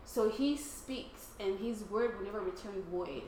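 A woman sharing a personal faith testimony with a small group in a casual, excitable way, often laughing and acting out her own thoughts. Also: mid-range voice, measured pace. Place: room with other people, casual group. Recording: roomy, faint background noise.

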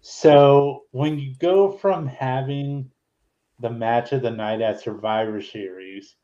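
Slow-talking annoyed man host, lo-fi. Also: medium pitch, steady tone, dark tone. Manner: annoyed and profane. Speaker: podcast host. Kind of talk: casual chat.

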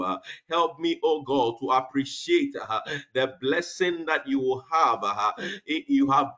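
Man, pastor leading prayer, fervent, halting "uh"s, prays in tongues, muffled lo-fi audio. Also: medium pitch, a bit bright. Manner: fervent prayer with frequent "uh" and "oh God", breaks into tongues. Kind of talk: devotional prayer session. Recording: dull lo-fi broadcast audio.

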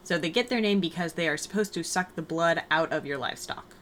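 A woman hosting a podcast, talking in an upbeat, explaining way as she tells a story. Her voice sits a little low, with a faint hiss behind it. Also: fairly quick, fairly bright tone. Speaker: podcast host. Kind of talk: casual chat.

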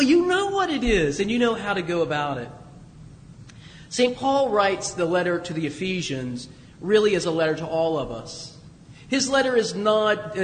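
A man with a notably high voice delivers a chatty sermon, telling stories with light chuckles. His voice rings out in a long reverb, as if in a large church hall, with a faint low rumble underneath. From United States. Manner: conversational storytelling with chuckles. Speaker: pastor.

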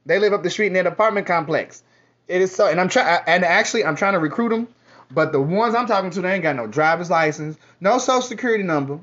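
A fairly high-voiced man talks straight to camera in a loose, rambling monologue, dropping curses and sass as he goes. The audio is muffled and lo-fi. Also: animated, quick pace, a bit bright. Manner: sassy, profane, rambling. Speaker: vlogger. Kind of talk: casual monologue. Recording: dull lo-fi audio.

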